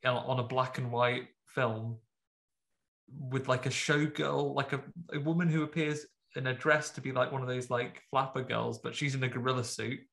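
A man in a casual film podcast, recapping scenes with a rambling, joking flow full of "like" and "um". His voice is of ordinary pitch with a gravelly fry. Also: little pitch movement, normal speed, a bit bright. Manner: rambling, filler-heavy, jokey. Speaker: podcast host. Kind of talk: casual film review chat.

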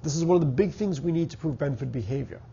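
A man's voice: fairly high pitch, quick pace, creaky, dark tone, slightly rough, highs cut off. A middle-aged man with a Boston accent and a stuffy, congested voice, giving a university math lecture and thinking aloud with fillers and restarts. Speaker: math professor. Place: lecture hall.

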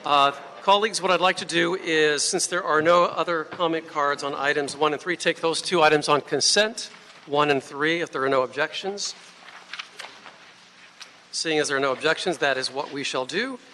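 A man chairs a city council committee in a formal, procedural way. His voice is bright and fairly high for a man. The council chamber echoes around him, with a faint hum of room ambience. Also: moderate pace.

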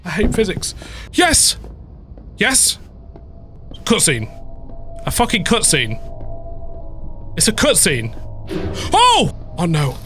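A man's voice: sits high, huge pitch swings, slow, long pauses, a bit bright. Young male gamer, panicky horror let's play host, swears a lot and screams, voice leaping all over. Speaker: gaming video host. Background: game music.

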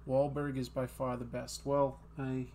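A man's voice: mid-range voice, level tone, a little slow, vocal fry, darkish tone, slight background noise. Self-mocking man chatting while drawing. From Boston area. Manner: self-mocking, laughs at his own jokes. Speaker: host. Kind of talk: casual chat while drawing.

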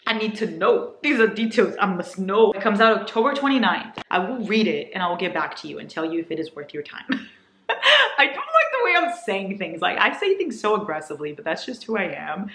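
A woman vlogging a casual book haul, gushing and excitable, jumping between loud squeals and soft asides. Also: lowish voice, fairly quick, roomy sound.

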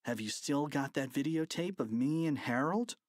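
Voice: mid-range voice, animated, normal speed, no echo, studio quality, lightly acted. A reader doing a cheeky scheming schoolboy. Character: mischievous young schoolboy prankster. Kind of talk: audiobook character voice.

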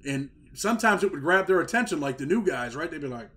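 A man's voice: fairly high pitch, lively intonation, fast talker, fairly bright tone. A man hosting an interview, a former prisoner who talks in street slang and keeps asking leading questions that end in "right?". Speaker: podcast host, former prisoner. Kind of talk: casual interview chat.

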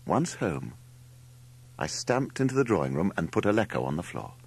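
Low gravelly guy reading an audiobook, really animated delivery. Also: moderate pace. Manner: expressive, wry storytelling. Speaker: audiobook narrator. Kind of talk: scripted narration.

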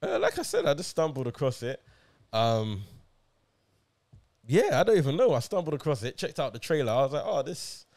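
A man's voice: a little high, huge pitch swings, moderate pace, darkish tone. A man co-hosting a film review podcast, laid-back and slangy in casual chat. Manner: laid-back, slangy, repeats "you hear me".

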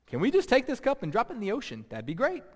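A man's voice: medium pitch, moderate pace, lightly acted. A man voicing an anguished Jesus who prays in plain, informal modern words. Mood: pleading. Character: Jesus as grown man, anguished, pleading casually. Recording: long reverb.

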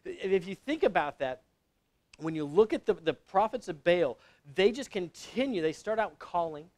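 A man preaching a sermon to young adults, telling the story in a casual, conversational way with sudden loud exclamations. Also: sits high, big pitch swings, moderate pace.

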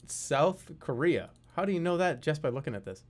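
A man streaming a geography guessing game, talking to his chat in a jokey, animated way. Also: fairly high pitch, normal speed. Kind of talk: casual live-stream commentary.

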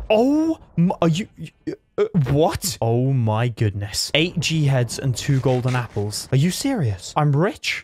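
A young man talks through his gameplay with a lively voice that swings up high when a fight gets tense. His pitch sits in the middle range. Soft music plays faintly behind him. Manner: excitable, pitch jumps sharply in tense fights. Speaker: gaming streamer. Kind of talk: live gameplay commentary.

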